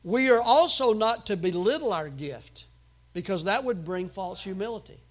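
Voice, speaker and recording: A man preaching a sermon as pastor, emphatic, with sudden loud outbursts and folksy humor. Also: high voice, expressive, normal speed.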